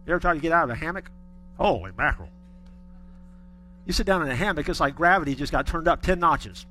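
A man's voice: a little high, lively intonation, fast, sharp tone, faint music behind. A middle-aged man preaching a sermon, telling stories with folksy humor. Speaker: pastor.

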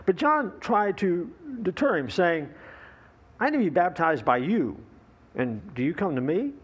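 A man's voice: high-pitched, sing-song, unhurried, breathy edge, dull audio. A male pastor preaching a sermon, opening with a folksy joke, with fillers and easy asides.

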